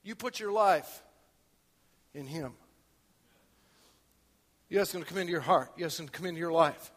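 A man preaching a sermon in church, swinging from quiet talk to loud shouting. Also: on the high side, normal speed, in a large hall. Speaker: pastor.

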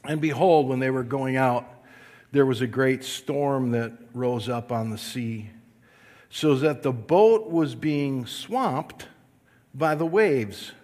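A man preaching a sermon, slow and emphatic, calling on the congregation to repeat lines after him. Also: mid-range voice, darkish tone. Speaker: pastor. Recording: long reverb of a large hall.

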